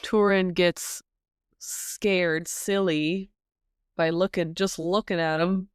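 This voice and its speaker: A woman co-hosting a podcast, chatting casually and hesitantly with lots of ums, retelling a story and popping into high voices for the characters. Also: fairly even intonation, slow pace, clear, resonant tone, dry recording, clean studio sound. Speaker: podcast co-host. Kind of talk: casual book-discussion chat.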